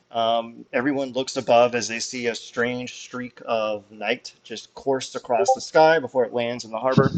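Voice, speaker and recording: Young man, game master, casual narration, ums and swearing, mid-pitched voice.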